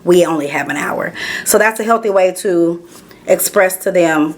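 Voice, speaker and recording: A woman's voice: on the low side, moderate pace. Chatty woman podcast co-host. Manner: chatty, giggly, repeats filler words. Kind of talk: casual podcast chat.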